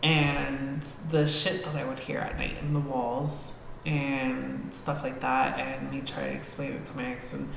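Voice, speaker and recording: A woman guest on a podcast telling a story casually, animated and swearing freely as she acts out scenes. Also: a bass voice, unhurried, gravelly. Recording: echoey hall-like room with faint noise.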